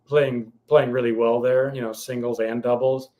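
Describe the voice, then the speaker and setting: A man with a mid-range voice talks casually as a podcast co-host. He hesitates often and fills the pauses as he thinks aloud. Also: mid-range voice, level tone, a little mellow. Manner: hesitant, many fillers and restarts. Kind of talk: casual chat.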